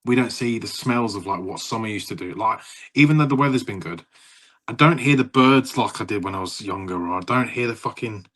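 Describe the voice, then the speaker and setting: Husky man telling stories. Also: on the low side, brisk, fairly bright tone. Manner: rambling, laughing storyteller who swears. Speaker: podcast co-host. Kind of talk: casual chat.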